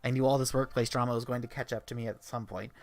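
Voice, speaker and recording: A man's voice: mid-range voice, flat delivery, fast. A man streaming, reading a visual novel aloud with playful, joking asides.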